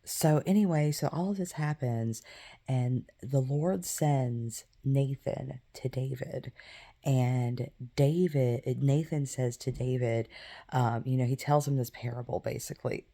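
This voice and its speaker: A woman's voice: extremely low pitch, slow, warm tone. A woman in her thirties, hosting a faith podcast and retelling a Bible story in casual talk, with many fillers and asides. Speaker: podcast host.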